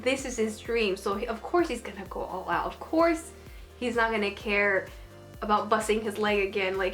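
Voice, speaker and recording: A woman's voice: mid-range voice, a bit bright. A woman giving a casual, gushing and emotional review, full of fillers and exclamations. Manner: gushing and emotional, lots of "like" and "oh my goodness". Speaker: anime reviewer.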